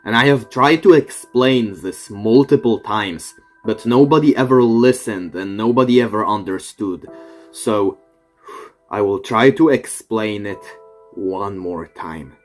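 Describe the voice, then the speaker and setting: A man's voice: lowish voice, unhurried, faint music behind. Earnest young man, reflective monologue. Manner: earnest, reflective, drops to quiet asides. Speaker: vlogger. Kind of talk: personal monologue to camera.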